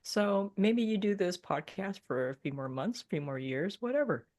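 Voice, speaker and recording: A woman's voice: medium pitch, expressive, normal speed, a little mellow. A woman guest on a podcast, talking casually and reflectively about healing and Reiki, often acting out her own thoughts and laughing.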